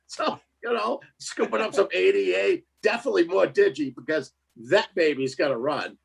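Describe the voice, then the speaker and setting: Animated, laughing husky-voiced man. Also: high-pitched, normal speed. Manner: animated storyteller, laughs often, mimics voices. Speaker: co-host. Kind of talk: casual chat.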